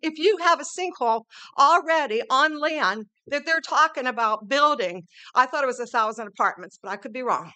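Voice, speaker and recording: Emotional high-voiced woman pleading. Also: expressive, moderate pace, pushed and bright. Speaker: public commenter. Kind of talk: public comment at a council meeting.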